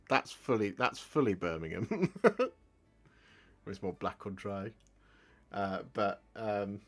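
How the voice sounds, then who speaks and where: Man, English Midlands accent, fairly low voice, casual live-stream host, rambling chatty talk, soft music underneath. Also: very animated, slow, pauses often. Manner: chatty and rambling, warmly thanking viewers.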